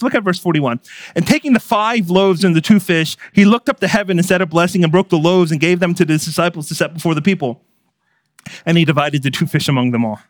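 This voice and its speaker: Male pastor, earnest sermon delivery, pitched a bit high, dry close-miked sound. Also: no echo. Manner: earnest preaching, swings from hushed to emphatic.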